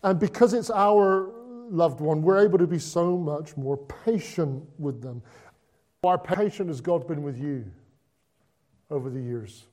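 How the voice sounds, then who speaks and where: A man giving a conversational Christmas sermon, moving between hushed and excited delivery with lots of repetition. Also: on the high side, measured pace. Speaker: preacher.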